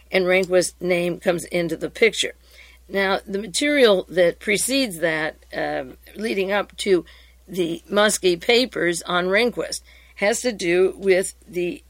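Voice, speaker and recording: A woman reads hearing transcripts aloud in a steady, mid-range voice. She then moves into her own commentary, with restarts. The sound is close and dry, with no room around it. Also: medium pitch, no echo.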